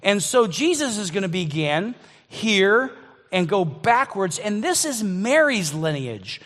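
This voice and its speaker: Guy preaching a sermon, kinda high voice, stops and restarts a lot, long echo off the walls. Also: sing-song, unhurried, a bit bright. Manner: conversational, with frequent restarts and repeated words. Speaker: pastor.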